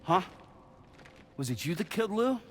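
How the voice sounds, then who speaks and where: An actor playing a gruff, weary male hero with a gravelly voice in a game cutscene. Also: sits high, big pitch swings, normal speed, faint music behind. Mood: angry.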